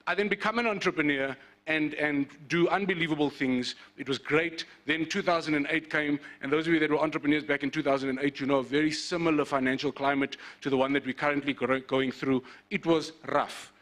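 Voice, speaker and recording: A man's voice: fairly high pitch, brisk, few pauses. A man from South Africa in his forties, hosting an awards event with playful stand-up comedy. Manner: animated, joking, playful asides.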